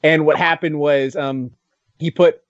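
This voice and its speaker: A high-voiced young man, excitable and quick to laugh, chatting on a podcast. He jumps into little character voices as he retells scenes. The recording is dry and a touch muffled. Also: no echo. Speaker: podcast co-host. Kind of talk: casual podcast chat.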